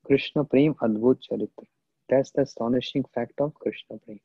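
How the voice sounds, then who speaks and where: Husky man giving a devotional lecture. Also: medium pitch, steady tone, no room sound. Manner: slow, reflective, quoting Sanskrit and Bengali verses. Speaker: spiritual teacher. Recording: husky voice on tinny phone-like line.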